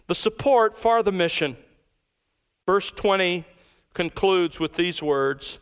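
A pastor preaching an emphatic expository sermon, slowing down to stress key words. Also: male voice, high-pitched, expressive, fairly bright tone, smooth.

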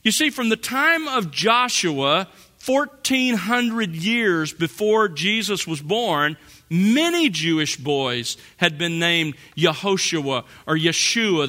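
A man preaching a sermon, slow and deliberate, drawing out key phrases for emphasis. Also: fairly high pitch, bright, forceful tone. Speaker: pastor.

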